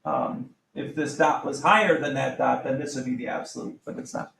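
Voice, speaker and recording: A middle-aged man teaching a high school math class, casual and self-correcting, often asking the class questions. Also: normal speed, creaky, a bit bright, slight background noise. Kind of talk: classroom lecture.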